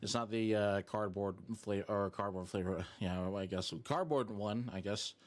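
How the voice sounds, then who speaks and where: A man's voice: on the low side, moderate pace. A young man streaming live, chatting and rambling jokingly with his viewers while sucking a lollipop. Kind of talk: casual live-stream chat.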